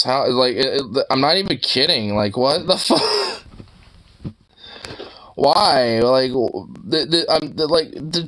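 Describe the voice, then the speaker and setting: A man's voice: medium pitch, sharp tone, rough recording. A young man streaming, chatting casually, cursing a lot and laughing as he scolds and teases his dog. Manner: rambling, swears a lot, laughs often. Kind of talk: casual chat.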